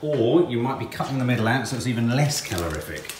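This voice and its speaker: An English man jokes with dry, grumbling sarcasm in a home kitchen. His voice sits at a middling pitch, with a roomy echo and faint background hiss. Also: expressive, fast talker. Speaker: husband on a family vlog. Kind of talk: casual banter.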